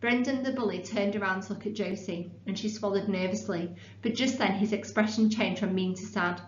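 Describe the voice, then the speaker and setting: A woman teacher explaining punctuation and reading a novel aloud in a clear, measured way, recorded in a classroom. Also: medium pitch. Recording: echoey room, dull sound, faint hum.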